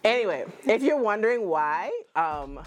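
A woman's voice: medium pitch, sing-song, normal speed, faint music behind. A woman with a Bahamian accent hosting a casual podcast chat, teasing and playful with her friends. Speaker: podcast host.

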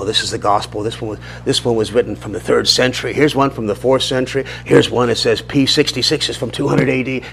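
A man's voice: on the low side, gravelly, slight background noise. A middle-aged man teaching an informal church Bible class, talking conversationally, asking the class questions and often restarting his sentences.

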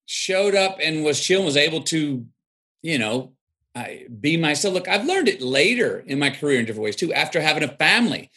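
A man's voice: on the high side, sing-song, brisk, sharp tone, slightly rough. Reflective drawling storyteller, a man. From Texas. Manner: drawling, reflective storyteller who acts out quoted voices. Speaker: guest. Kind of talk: storytelling interview.

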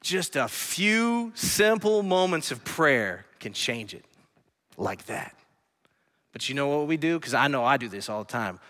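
A man pastor preaching a sermon in a church, earnestly swinging between hushed lines and emphatic ones. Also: medium pitch, sing-song, unhurried. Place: church sanctuary. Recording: long hall reverb.

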